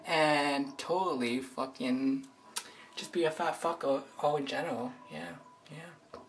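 A teenage girl vlogging at home with a strikingly low voice. She rants in a brash, boastful, profane way, jittery and excitable. Now and then she drops into a hushed whisper. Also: takes it slowly, slight background noise. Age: teens. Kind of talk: casual vlog rant.

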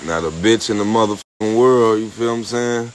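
A man joking around with his partner at a pool at night, cursing and complaining loudly. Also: fairly low pitch, brisk, a little hiss or hum, low-quality recording. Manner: profane, animated, indignant. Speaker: vlogger. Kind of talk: casual banter.

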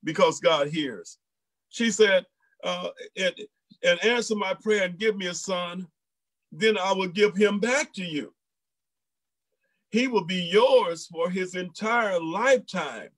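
A man preaches a sermon in a high, ringing voice. He repeats himself for emphasis, drops in exclamations, and acts out the people he quotes. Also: slow, low-quality recording. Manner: preaching in a folksy Black church style, with repeats and exclamations. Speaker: pastor.

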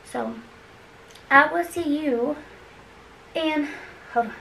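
A woman's voice: sits high, slow, creaky, bright, forceful tone, recorded from a distance, a little hiss or hum, low-quality recording. A woman chatting to her viewers while cleaning, out of breath, rambling and encouraging. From Kentucky. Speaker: cleaning vlogger. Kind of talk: casual chat to camera.

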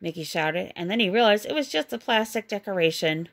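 A woman's voice: medium pitch, a little fast. Woman reading a bedtime story aloud. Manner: gentle, expressive read-aloud. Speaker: storybook reader.

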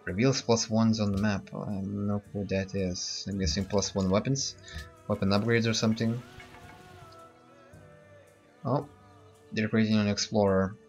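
A man's voice: fairly low pitch, steady tone, moderate pace, pauses often. Let's-play host, male, hesitant and chatty; dull lo-fi mic over faint game music. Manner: thinking aloud, hesitant with many fillers. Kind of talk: casual gameplay commentary.

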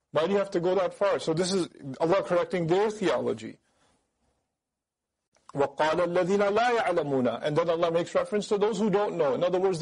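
Fast, high-voiced animated male preacher. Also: poor audio. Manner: animated, rhetorical questions, mimics critics. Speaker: Quran teacher. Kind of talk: sermon-style Quran commentary.

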